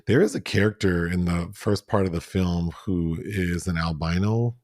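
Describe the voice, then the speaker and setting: Guy on a film podcast, kinda low voice, dry close mic, goofs around quoting scenes. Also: normal speed, dry recording. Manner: animated, acts out movie lines. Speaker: podcast co-host. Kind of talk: casual film review chat.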